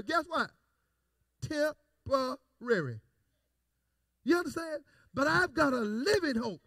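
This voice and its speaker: A male pastor preaching a call-and-response sermon, repeating phrases and building to shouted emphasis. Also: extremely high pitch, no room sound, clean studio sound.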